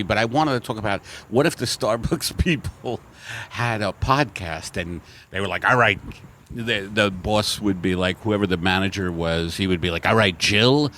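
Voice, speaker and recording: A man hosting a podcast in casual, rambling comic chat with a deadpan delivery, recorded outdoors at a coffee shop. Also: on the low side, slight background noise. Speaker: podcast host.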